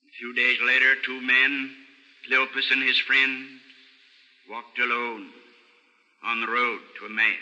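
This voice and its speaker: Older preacher with a bright, ringing voice. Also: male voice, level tone, measured pace, pauses often, muffled recording. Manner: earnest storytelling preacher, dropping low and soft for sad passages. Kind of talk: sermon. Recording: old radio broadcast recording with long hall reverb.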